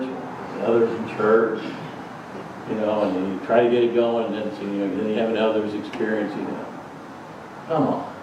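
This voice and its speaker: A male pastor preaching a sermon in a relaxed, conversational storytelling way. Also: lowish voice, noisy background. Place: church sanctuary. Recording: echoey sanctuary, distant dull mic.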